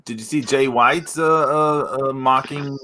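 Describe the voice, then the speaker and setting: A man's voice: medium pitch, fairly even intonation, unhurried, sharp tone, a little hiss or hum. A man hosting a casual podcast who talks hesitantly, with many fillers and frequent laughs. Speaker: podcast host.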